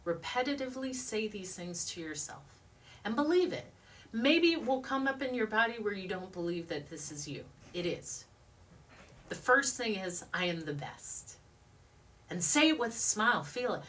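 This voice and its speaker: A woman gives a motivational talk, her higher, bright voice swinging widely in pitch. She stresses her words and repeats affirmations over and over until they fall into a chant. Her voice sits a little back from the mic in a studio. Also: sing-song, normal speed, distant mic. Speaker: motivational speaker.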